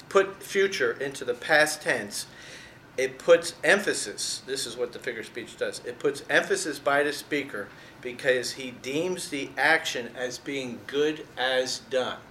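Guy teaching a bible study, bright forceful voice, casual and chatty, echoey room w/ faint hiss. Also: mid-range voice. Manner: conversational, stresses words, chuckles at own jokes.

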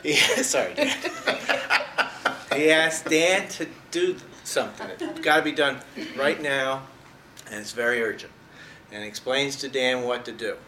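Speaking a little slowly in a mid-range voice that sounds pushed and bright, this man offers casual Bible teaching with heavy stress on important words. He laughs at his own jokes, recorded in an echoing room with a faint noise underneath.

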